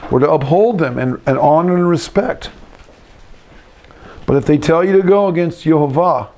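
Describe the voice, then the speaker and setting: A middle-aged pastor giving a conversational sermon, with frequent restarts and asides. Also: male voice, a little high, moderate pace, a little mellow.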